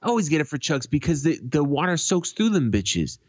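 A man's voice: on the high side, very animated, a little fast, dry recording. A man co-hosting a podcast, telling a rambling story in casual, heavily profane chat. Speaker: podcast co-host. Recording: dull lo-fi sound.

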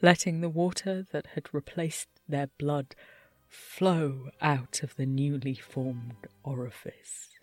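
A man giving a hushed, slow horror narration read. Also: on the high side, fairly even intonation, dry recording, soft background music.

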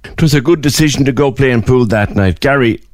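A man hosting a radio interview, asking questions with lively interest. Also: medium pitch, brisk, no echo, clean studio sound. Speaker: radio host.

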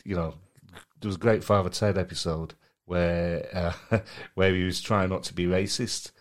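A man's voice: sits low, steady tone, moderate pace. A man with a Mancunian accent co-hosting a podcast, chatting casually and laughing as he tells stories. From Manchester, England. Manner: rambling, laughs while telling stories. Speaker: podcast co-host. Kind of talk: casual chat.

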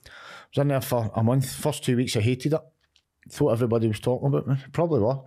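A man's voice: mid-range voice, quick pace, warm tone. Frank Glaswegian man, middle-aged. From Scotland. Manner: frank, swears a lot, often says "you know what I mean". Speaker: podcast guest. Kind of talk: candid conversation.

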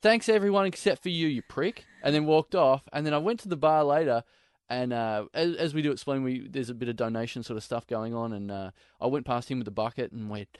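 A man's voice: medium pitch, a little fast, darkish tone, clean tone, no room sound. An Australian man, a comedian and podcast co-host, telling anecdotes with laughs in a radio studio. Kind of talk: casual comedy chat.

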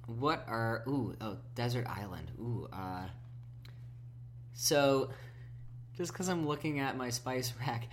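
A man co-hosts a casual podcast in an easygoing, agreeable way. He often backs up his co-host and fills his pauses with "um" and "like" as he talks. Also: medium pitch, lively intonation, a little hiss or hum. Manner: easygoing, agreeable, many fillers. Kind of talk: casual chat.

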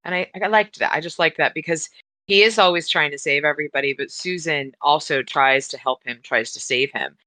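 Bright, earnest podcast co-host. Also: medium pitch, brisk, no echo. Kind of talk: casual book discussion.

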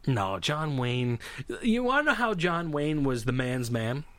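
A man's voice: mid-range voice, very animated, measured pace, fairly bright tone, dry recording. A man co-hosting a casual chat, joking and rambling through stories with many restarts.

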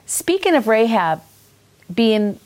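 A woman's voice: a little high, big pitch swings, takes it slowly, a little mellow. A woman with a Minnesota accent hosting a faith-based talk show, speaking in an earnest, enthusiastic, preacherly way. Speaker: ministry talk show host.

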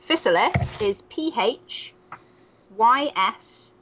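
A woman's voice: a little high, animated, drawn-out words, fairly bright tone, slight background noise, low-quality recording. A woman co-hosting a podcast in casual chat, swearing often and laughing. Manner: sweary, giggly and playful. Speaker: podcast co-host.

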